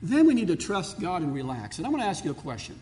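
A male pastor preaching a sermon with passion, rising to loud pleas and dropping to hushed lows. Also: wildly swooping pitch, fast talker. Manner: impassioned, swinging between loud pleading and hushed lows. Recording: long hall reverb.

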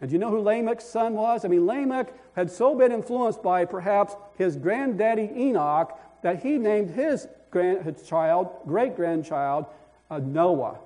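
A man's voice: sits high, expressive, a little slow, mellow. An older man preaching a folksy storytelling sermon, rambling along with chuckles, frequent restarts and fillers.

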